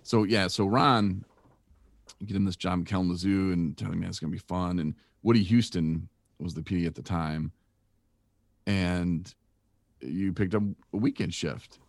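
Low-voiced guy telling a wild work story, does all the quotes big and loud, dry mic. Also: measured pace, pauses often, no room sound. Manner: acts out the quotes with big jumps in pitch, laughing. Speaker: podcast guest and former radio colleague. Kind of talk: animated anecdote.

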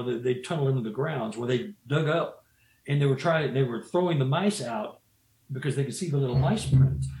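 A man's voice: a little high, a little mellow. A man telling a story in a casual, rambling way, often restarting his sentences and saying "you know.". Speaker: guest storyteller. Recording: roomy echo.

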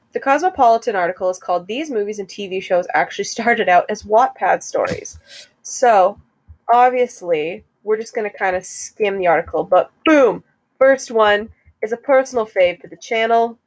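A young woman co-hosting a casual chat, rambling and chatty with quick bursts of laughter. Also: mid-range voice, animated. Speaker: co-host.

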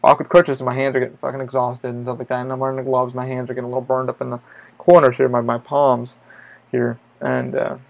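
A man's voice: medium pitch, level tone, fast, gravelly, darkish tone. A man hosting a podcast, telling a story in a loose, rambling way, with lots of swearing and filler words. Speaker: podcast host. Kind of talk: casual storytelling monologue.

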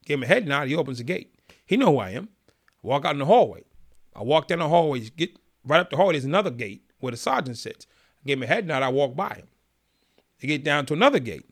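Middle-aged guy, kinda high gravelly voice, telling stories and doing the voices. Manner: animated storyteller acting out quotes. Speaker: podcast guest. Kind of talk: storytelling interview.

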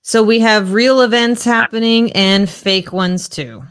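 A podcast co-host in casual chat, introducing segments in a brisk, matter-of-fact way. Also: mid-range voice, fairly even intonation, fairly bright tone, clean tone.

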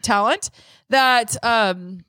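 A woman's voice: on the high side, drawn-out words, pushed and bright, clean tone, no room sound. Playful woman podcast co-host. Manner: playful, teasing, uses many fillers. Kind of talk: casual chat.

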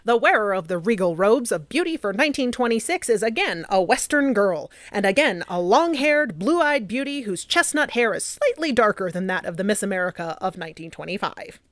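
A woman's voice: mid-range voice, big pitch swings, a little fast, few pauses, a bit bright, no echo, clean studio sound. A woman voicing an old-timey 1920s newspaper announcer, grand and formal.

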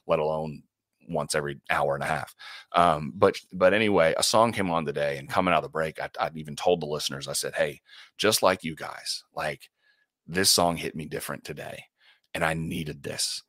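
A man who hosts a radio morning show, a guest in an interview, telling faith stories in an earnest, animated way, often restarting and laughing. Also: a bass voice, no room sound, clean studio sound. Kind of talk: faith-centered interview storytelling.

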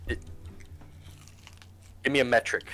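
A man's voice: measured pace, a bit bright. A man running a tabletop game as game master, casual and quizzing his players, with lots of fillers.

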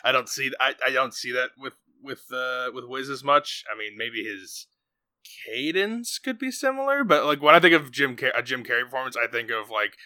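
A man hosting a casual movie podcast, recapping the plot in a rambling, animated way with many restarts. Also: mid-range voice, moderate pace, no room sound. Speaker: podcast host. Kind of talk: casual movie review chat.

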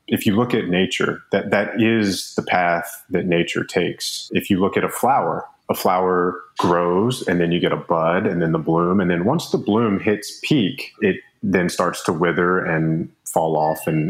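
A man in his thirties with a very low voice talks through his story as an interview guest. He is measured and explanatory and leans on fillers as he goes. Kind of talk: conversational interview.

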